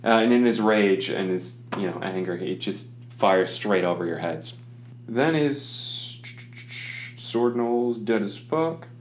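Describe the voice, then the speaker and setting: Casual man as game master, lowish voice, echoey room. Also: slow. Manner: casual, laughs often, swears. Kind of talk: narrating a tabletop game. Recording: echoey room with faint noise.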